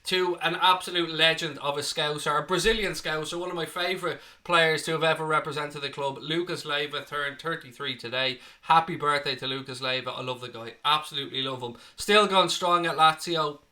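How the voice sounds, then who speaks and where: A man's voice: on the high side, fairly even intonation, brisk, hardly any pauses, sharp tone. A young Irish man hosting a casual live stream, chatty, blunt and outspoken. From Ireland. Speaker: host.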